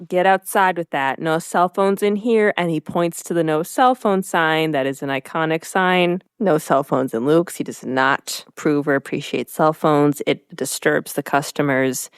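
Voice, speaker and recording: A woman's voice: low-pitched, measured pace, smooth, no room sound, studio quality. A woman co-hosting a podcast, retelling scenes in a casual chat and laughing often. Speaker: podcast co-host.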